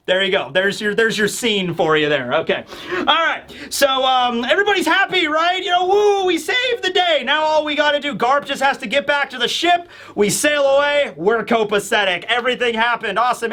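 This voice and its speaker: A man's voice: very high-pitched, moderate pace, sharp tone. A man in a casual manga review chat, talking enthusiastically and rambling, acting out lines.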